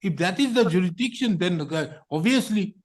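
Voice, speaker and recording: A man's voice: high voice, lively intonation, moderate pace. A man with an Indian English accent presiding as a judge, stern and impatient as he lectures counsel in a courtroom hearing. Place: courtroom, on a video hearing feed.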